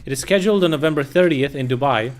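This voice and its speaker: A man's voice: mid-range voice, quick pace, soft background music. A man streaming casual, profane commentary on war news, reading headlines and reacting bluntly. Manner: profane, blunt, bursts of loud laughter.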